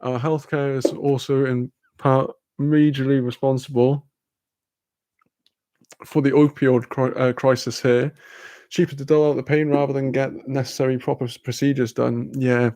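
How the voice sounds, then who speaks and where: A man's voice: mid-range voice, little pitch movement, moderate pace, warm tone, dry recording. A young man chatting casually on a livestream, rambling and swearing freely. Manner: rambling, swearing, laughing often. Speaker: streamer.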